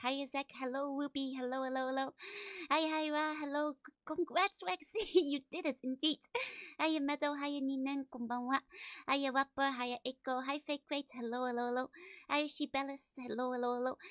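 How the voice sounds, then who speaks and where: A woman's voice: high-pitched, fairly bright tone, dry recording, clean studio sound. A woman streamer chatting casually with viewers, bubbly and giggly, a bit sleepy with a slightly stuffy nose from a cold. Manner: bubbly, giggly, repeats greetings in sing-song runs. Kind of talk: casual live-stream chat greeting viewers.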